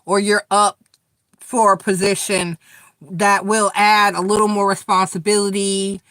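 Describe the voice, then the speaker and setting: Her voice is medium-pitched, level, unhurried and a little bright, captured in a dry recording. She's a middle-aged tarot reader hosting a casual live stream, blunt and talkative, swearing often as she speaks to her viewers.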